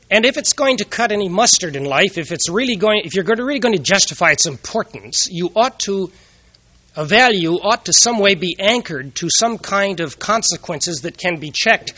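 A man's voice: sits high, pushed and bright, no echo. A man giving an earnest moral talk, telling personal anecdotes and asking rhetorical questions.

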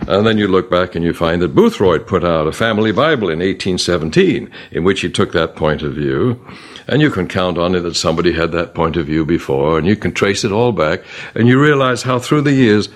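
Animated deep-voiced man teaching Bible study. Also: a little fast. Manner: reads verses aloud with punctuation, animated emphasis.

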